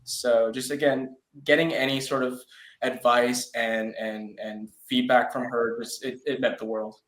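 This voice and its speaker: A man's voice: mid-range voice, flat delivery, measured pace, a bit bright. A young man, an actor, speaking earnestly in an interview, hesitant and full of fillers. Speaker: actor guest. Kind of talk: interview conversation. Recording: roomy echo.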